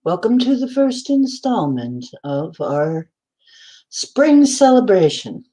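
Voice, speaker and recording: A woman's voice: mid-range voice, very animated, slow pace, warm tone. A woman hosting a casual livestream from indoors at home, chatty and often laughing, greeting viewers by name. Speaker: livestream host.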